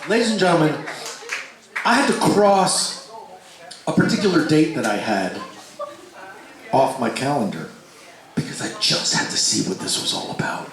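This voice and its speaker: A man tells a story from a concert stage, his fairly high voice leaping up and down as he acts out the people in it. He swears freely. The sound is a booming hall with a crowd audible behind him. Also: moderate pace, pauses often. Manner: animated, swings pitch widely for quoted voices, swears freely. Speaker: stage performer telling a story. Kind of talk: live storytelling between songs. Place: large concert hall before a live crowd. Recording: echoey live hall with crowd.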